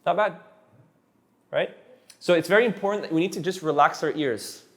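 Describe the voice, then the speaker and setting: A man with a slightly high voice teaches a live class of students. He sounds relaxed and encouraging, often restarting and repeating his sentences as he coaxes answers out of the room. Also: moderate pace. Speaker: Spanish teacher.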